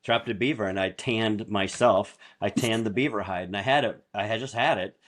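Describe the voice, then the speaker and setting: A man's voice: fairly low pitch, moderate pace, a bit bright. A man in casual podcast chat, telling rambling business anecdotes and chuckling as he goes. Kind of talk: casual storytelling.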